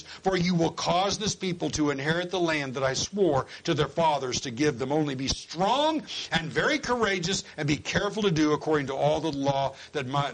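A man preaching a sermon, swinging from quiet low asides to loud high exhortation and acting out quoted voices. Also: slight background noise, low-quality recording. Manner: acts out quoted voices of listeners and God.

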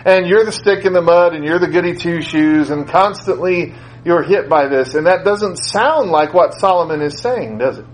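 A man's voice: a little high, normal speed, few pauses, slight background noise, rough recording. A man preaching a sermon in a conversational way, repeating phrases for emphasis. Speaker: school teacher.

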